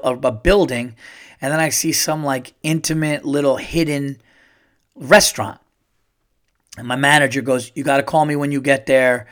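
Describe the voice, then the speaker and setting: A middle-aged man hosting a podcast, telling a long personal story in a rambling, excited way and swearing often. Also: medium pitch. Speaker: podcast host. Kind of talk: casual storytelling monologue.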